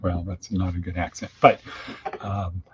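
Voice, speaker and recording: A low-voiced man hosts a daily podcast, talking unhurriedly with a flat delivery in a casual, folksy monologue full of plain idioms. The audio is dull lo-fi with faint hiss underneath.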